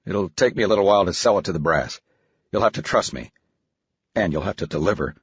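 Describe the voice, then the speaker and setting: A man's voice: deep voice, expressive, fast, husky, no echo, exaggerated voice. A man voicing a crude, ruthless middle-aged bank executive who talks in a blunt, profane, curt way, in an audiobook. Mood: hard-nosed. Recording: dry, slightly dull studio audio.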